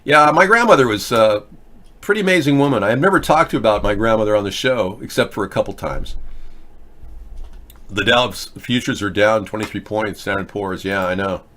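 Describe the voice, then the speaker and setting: Fairly low in pitch yet pushed and bright, this man's voice is animated and a little fast. Hosting a live political video chat show, he rambles bluntly, restarts his words, and fires back at chat viewers with mockery in casual stream talk.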